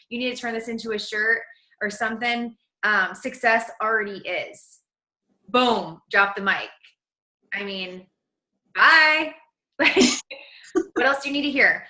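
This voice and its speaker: A woman hosting a motivational team coaching call, gushing and energetic in casual chat. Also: fairly high pitch, a little fast, roomy sound, rough recording.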